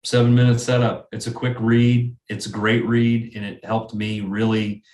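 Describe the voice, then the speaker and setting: A sales manager appears as a guest in an interview conversation, speaking earnestly and often repeating words while he thinks. His medium-pitched voice is level and darkish, at a normal speed, with a roomy sound.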